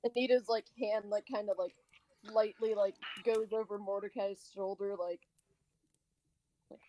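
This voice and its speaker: Hesitant woman with a mellow voice. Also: medium pitch, steady tone, measured pace, pauses often. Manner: hesitant, full of "like". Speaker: player.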